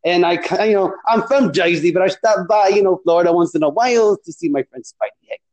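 A man's voice: high voice, brisk, a little mellow, close to an everyday voice. A man playing a brash, short-tempered Jersey Italian guy on a comedic phone call, crude and rambling with lots of "you know". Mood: swaggering. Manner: boastful, crude, rambling with fillers.

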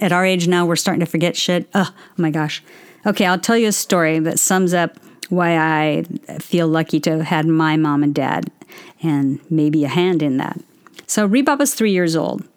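A woman's voice: lowish voice, normal speed. A middle-aged woman casually chatting and telling stories to viewers, answering their questions. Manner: chatty, storytelling, self-interrupting. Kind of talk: casual livestream chat.

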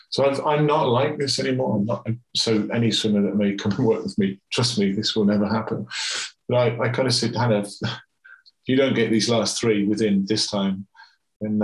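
A middle-aged man, a swim coach and father, telling a candid story in a conversational interview. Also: on the low side. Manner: candid, animated, reflective storyteller. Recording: roomy echo.

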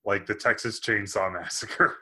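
A man's voice: lowish voice, fairly even intonation, a little slow, sharp tone, breathy edge. A man co-hosting a podcast, reading movie reviews aloud in casual chat and laughing often. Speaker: podcast co-host.

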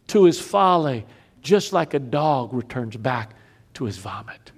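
Animated high-voiced preacher. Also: male voice, slow, pauses often. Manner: animated storytelling preacher, sweeping pitch swings, drops to quiet emphasis. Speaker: pastor. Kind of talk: sermon.

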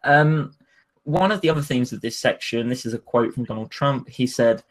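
A man's voice: mid-range voice, moderate pace. Man hosting a podcast chat. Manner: conversational interviewer, poses questions, hesitant with ums. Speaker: podcast host. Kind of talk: casual podcast discussion.

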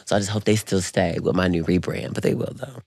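A man co-hosting a podcast, telling a story in casual chat, very animated and swooping high when excited, calling everyone "girl". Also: quick pace, creaky, a little hiss or hum. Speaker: podcast co-host.

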